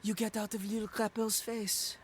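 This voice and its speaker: An actor, lightly acting, voices a cocky, rapping male toilet in a video game who brags about himself in the third person with a pompous French accent and a swaggering mood. His voice sits high with a level tone at normal speed, over slight background noise.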